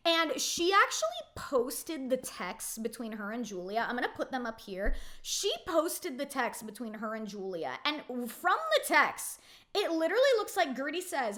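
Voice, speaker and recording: A woman's voice: sits high, very animated, normal speed, pushed and bright. A woman in her twenties giving a casual, opinionated recap of a reality TV episode, filling her talk with "like". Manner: chatty and opinionated, heavy use of "like".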